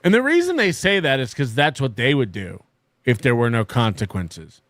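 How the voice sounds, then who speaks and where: A man's voice: medium pitch, sing-song, normal speed, fairly bright tone, no echo. A man giving derisive online commentary about a comedian, mocking his nerves.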